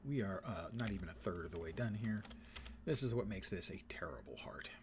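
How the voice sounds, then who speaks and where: A man's voice: deep voice, lively intonation, brisk, noisy background. A man streaming a game, commenting casually with dry sarcasm and playful wordplay.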